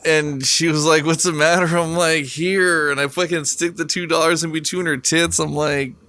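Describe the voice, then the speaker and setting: A man's voice: a little high, level tone, normal speed, bright, forceful tone. A man co-hosting a podcast, chatting casually in a laid-back way and laughing often as he talks. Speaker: podcast co-host. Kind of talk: casual chat.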